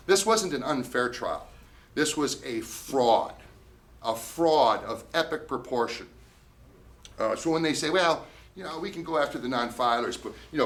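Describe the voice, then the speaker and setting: A male attorney giving a talk at a meeting, telling a case story with emphatic, indignant storytelling. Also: mid-range voice. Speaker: tax attorney speaking at a meeting. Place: meeting room.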